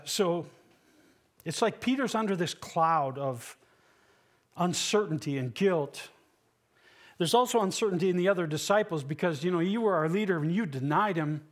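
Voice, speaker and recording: A man preaching a sermon as pastor, earnest and emphatic, asking rhetorical questions and dropping low and soft for solemn passages. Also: normal speed, long pauses.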